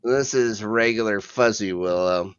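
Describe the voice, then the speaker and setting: A man's voice: fairly low pitch, a little slow, fairly bright tone, smooth, no room sound, muffled recording. A man co-hosting a podcast, casually recapping a TV episode in a laid-back, rambling way with a chuckle now and then. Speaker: podcast co-host.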